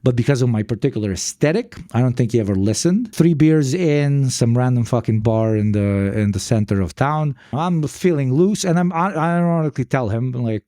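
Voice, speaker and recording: A man's voice: medium pitch, fairly quick, few pauses, dry recording, clean studio sound. A young man hosting a livestream, telling a rambling story in casual chat and swearing freely. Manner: profane, rambling, animated storytelling.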